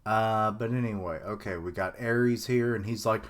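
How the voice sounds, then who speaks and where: A man's voice: fairly low pitch, normal speed. A young man giving casual live reaction commentary on a manga chapter, rambling with lots of fillers and chuckles.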